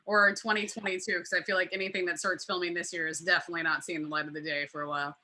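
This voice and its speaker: A woman on a panel chatting casually over a video call, acting out scenes in quick quoted voices. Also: lowish voice, level tone, bright, forceful tone, low-quality recording.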